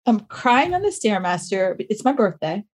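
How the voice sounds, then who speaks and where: A woman guest on a podcast, telling personal stories in an animated, self-mocking way. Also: mid-range voice, normal speed. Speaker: podcast guest, fitness business owner. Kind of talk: casual interview storytelling.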